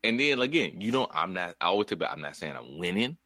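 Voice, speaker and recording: A man with a fairly low voice that rises and dips a lot talks casually on a podcast. He rambles, restarts his sentences and laughs along. The sound is dry and close. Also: very animated, fast, bright, forceful tone, no echo. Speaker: podcast co-host. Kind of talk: casual chat.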